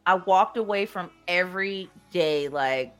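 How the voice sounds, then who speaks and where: Bright-voiced woman chatting bluntly. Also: lowish voice, unhurried, clean tone, faint music behind. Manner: blunt, laughing, cursing freely. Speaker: podcast co-host. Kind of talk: casual group chat.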